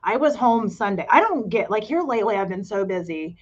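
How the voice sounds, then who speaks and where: Middle-aged woman, rambling and self-deprecating, even-pitched voice, lo-fi dull sound. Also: fairly quick. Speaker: podcast co-host and cafe owner. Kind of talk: casual chat.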